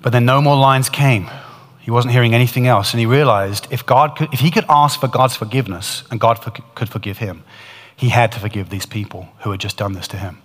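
A man's voice: mid-range voice, steady tone, brisk. Earnest male preacher with hall reverb. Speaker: preacher retelling a testimony. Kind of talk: storytelling sermon.

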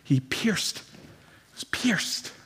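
A man's voice: very slow, bright, forceful tone. A man preaching a dramatic, impassioned sermon as pastor to his church. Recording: long reverb from a large hall.

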